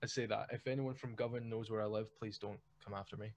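Excitable sweary man. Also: lowish voice, fast, a little hiss or hum. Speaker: podcast host, band member. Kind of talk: casual podcast chat.

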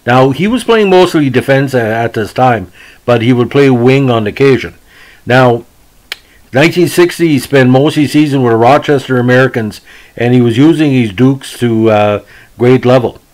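A man's voice: mid-range voice, moderate pace, darkish tone, poor audio. Rambling man hosting a podcast. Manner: rambling, with many fillers and restarts. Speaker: podcast host. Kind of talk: casual hockey history podcast.

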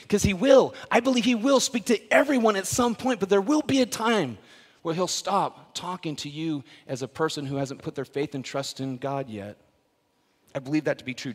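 Animated pastor in a reverberant church. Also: male voice, medium pitch. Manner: animated, playful storytelling with asides to the congregation. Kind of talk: sermon. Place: church worship center. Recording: long hall reverb.

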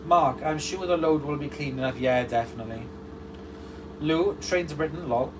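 A man's voice: on the high side, moderate pace. A man hosting a casual livestream, reading out viewer comments and answering them beside a running washing machine. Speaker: livestream host. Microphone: distant mic. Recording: distant mic with steady background noise.

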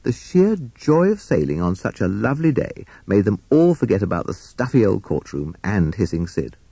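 A man reading a children's storybook aloud as narrator, in an expressive, animated way. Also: fairly low pitch, moderate pace, creaky, breathy edge, no room sound.

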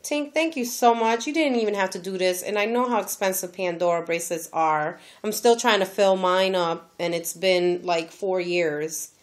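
A woman's voice: mid-range voice, moderate pace, few pauses. A woman vlogging as she opens a gift, gushing and exclaiming over each item in a casual chat. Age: adult, has a daughter. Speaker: crafting vlogger opening a gift.

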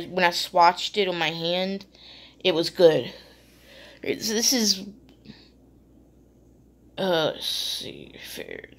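A woman chatting casually as she unboxes beauty products, rambling with fillers and restarts, still a little sleepy. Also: mid-range voice. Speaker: beauty vlogger.

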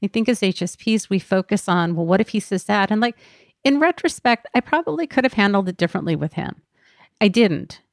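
A woman's voice: medium pitch, big pitch swings, fairly quick, dry recording, clean studio sound. A woman podcast host talking candidly and earnestly about her own healing in a reflective personal talk.

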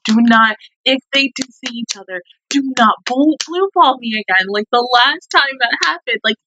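A woman's voice: on the high side, expressive, normal speed, bright, forceful tone, a little hiss or hum, rough recording. A young woman hosting an anime reaction review, talking casually and emotionally with many fillers.

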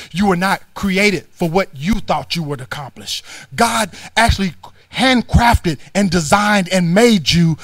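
A man's voice: a little high, no echo. A man preaching a sermon as youth pastor in a church, with a fervent, repetitive cadence and folksy everyday phrasing. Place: church sanctuary.

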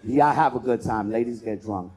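A man doing a loud, profane stand-up comedy set as host, working the crowd and acting out bits. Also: mid-range voice, moderate pace. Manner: loud, profane, animated crowd work with acted-out voices.

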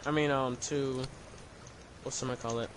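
A man's voice: medium pitch, fairly even intonation, measured pace, slight background noise. A young man talking hesitantly with many fillers while playing a game with friends. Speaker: gaming friend. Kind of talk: casual gaming chat.

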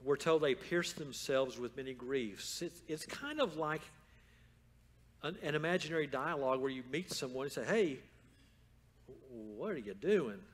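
A man preaching a sermon as pastor in a church, moving from calm storytelling to loud, fervent exhortation. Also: on the high side, moderate pace. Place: church sanctuary.

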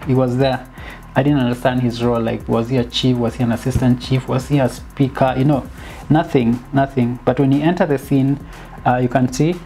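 A woman giving a casual, animated film critique, dropping in bits of Swahili slang and sounding exasperated. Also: rumbling low. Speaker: film reviewer.

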